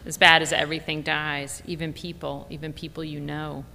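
A woman's voice: flat delivery, normal speed, gravelly, bright, forceful tone. A woman narrating a memoir in a wry, reflective tone. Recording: long reverb, faint rumble.

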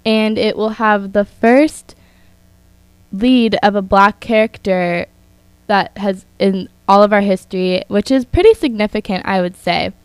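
A woman's voice: medium pitch, a little slow, clean tone, no room sound. A young woman hosting an entertainment news radio show, reading stories with chatty asides of her own. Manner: chatty, reads from notes with asides. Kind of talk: scripted entertainment news talk.

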